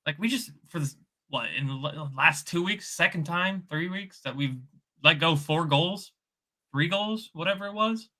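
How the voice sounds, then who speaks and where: A man's voice: fairly high pitch, normal speed, pushed and bright. A man in a casual football chat, thinking aloud, hesitating and trailing off. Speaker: co-host guest.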